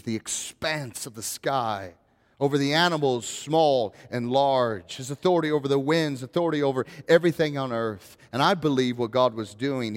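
A man's voice: medium pitch, big-room sound. A male pastor preaching a sermon in a conversational way, building to rising, emphatic questions.

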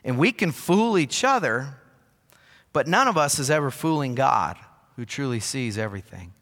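Bright-voiced pastor preaching in a reverberant hall. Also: male voice, medium pitch, very animated, moderate pace. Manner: storytelling with self-deprecating humor. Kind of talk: sermon. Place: church sanctuary.

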